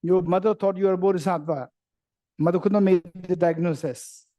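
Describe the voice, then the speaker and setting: Teaching Buddhism to a retreat group, a man speaks fairly quickly in a high voice with fairly even intonation, in a muffled recording. He's a playful storyteller who performs everyday conversations, repeats himself and asks whether the audience understands.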